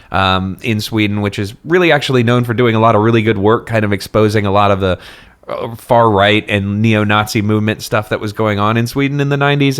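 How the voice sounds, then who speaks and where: A man's voice: medium pitch, fairly bright tone, smooth. A young man co-hosting a casual comedic book podcast, chatty and self-mocking, laughing often. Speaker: podcast co-host.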